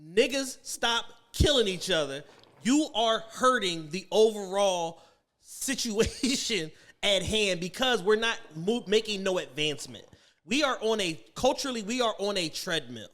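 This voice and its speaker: Blunt high-voiced podcast man. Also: lively intonation, a little slow, fairly bright tone. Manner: blunt, emphatic, swearing. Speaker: podcast co-host. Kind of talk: casual chat.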